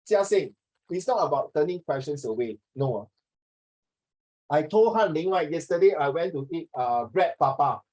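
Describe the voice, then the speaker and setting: A man's voice: fairly high pitch, dark tone, low-quality recording. A man, tutoring a class in a chatty, teasing way and slipping into Mandarin now and then. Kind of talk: online class teaching.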